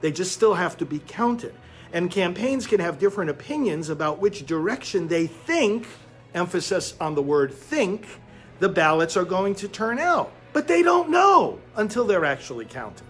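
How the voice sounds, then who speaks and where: A man giving emphatic political commentary, insistent and urgent, calling his listeners friends. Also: high-pitched.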